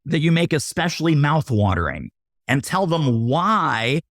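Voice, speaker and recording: A man as a podcast guest explaining sales in an animated way, acting out what buyers and waiters say and often adding "right?". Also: a little high, a little slow, no room sound, studio quality. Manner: punchy teaching tone, often tags lines with "right?". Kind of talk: casual interview talk.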